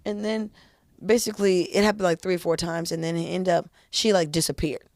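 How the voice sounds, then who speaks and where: Comedian guest, American woman in her twenties, gravelly, halting storyteller, dry close mic. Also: fairly low pitch, steady tone, darkish tone, no room sound. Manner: hesitant storytelling with many fillers. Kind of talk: casual chat, storytelling.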